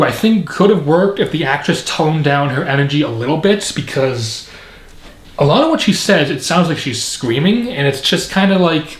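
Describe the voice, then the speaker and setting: A man reviewing a film in casual commentary, rambling and opinionated with frequent fillers. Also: a little high. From Canada. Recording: echoey room.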